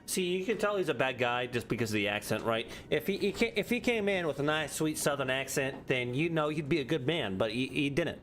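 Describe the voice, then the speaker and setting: A man's voice: medium pitch, expressive, a little fast, hardly any pauses, a bit bright, a little hiss or hum. Man joking through his game stream. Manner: joking, talking back to characters. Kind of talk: casual gameplay commentary.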